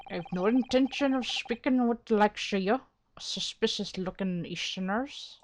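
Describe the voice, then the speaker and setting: A woman voicing a gruff, burly male prison governor with a rough, hostile brogue. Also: mid-range voice, dark tone, a little hiss or hum, close to an everyday voice.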